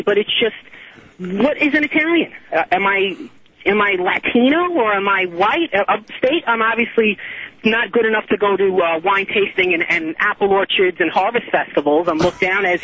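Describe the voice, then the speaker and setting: Ranting New caller, high voice. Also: male voice. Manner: animated ranting, laughing. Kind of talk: call-in radio chat. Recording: muffled phone call with line noise.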